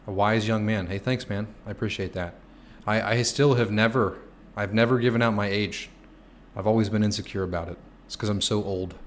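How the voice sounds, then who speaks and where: A young man in his twenties, streaming casually and answering chat questions, joking and swearing freely, sometimes shouting. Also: lowish voice, steady tone, brisk, slight background noise.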